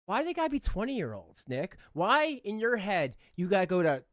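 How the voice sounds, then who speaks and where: A man's voice: high voice, big pitch swings, normal speed, no room sound, clean studio sound. A man doing reaction commentary, mocking and scornful, often breaking into laughter. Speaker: commentary streamer.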